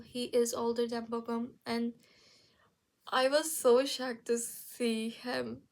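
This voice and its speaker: A young woman recaps shows she has watched for her vlog, rambling easily with plenty of fillers and restarts. Her voice sits a little high and carries a gravelly fry. She takes her time, talking at a slow, unhurried pace. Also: darkish tone. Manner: chatty, lots of fillers and restarts. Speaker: vlogger.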